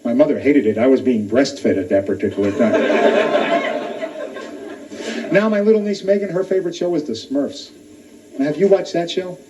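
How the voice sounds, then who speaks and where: A man's voice: on the high side, warm tone. Stand-up man heard from afar. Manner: crowd work, quick punchlines. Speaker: stand-up comedian. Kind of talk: stand-up comedy routine. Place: comedy club stage. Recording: distant lo-fi club recording. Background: audience laughter.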